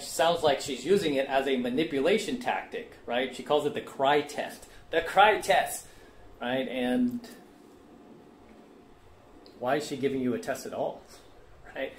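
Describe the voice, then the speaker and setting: A man giving blunt, lecturing dating advice in casual commentary, often checking with "right?" and "okay?". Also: mid-range voice. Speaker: dating coach reacting to a clip. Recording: echoey room with faint ambient noise.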